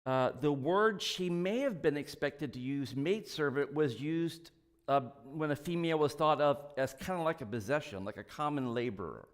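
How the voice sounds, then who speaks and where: A man's voice: a little high, normal speed, big-room sound. A man preaching a sermon in a casual, conversational way, full of asides and small jokes. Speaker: pastor. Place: church sanctuary.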